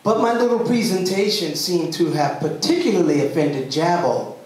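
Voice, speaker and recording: A man's voice: fairly high pitch, lively intonation, normal speed, a little mellow. A man from the rural US South performing a story at a live poetry slam, with comic timing. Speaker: spoken word poet. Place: club venue, indoors. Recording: roomy live venue heard from a distance.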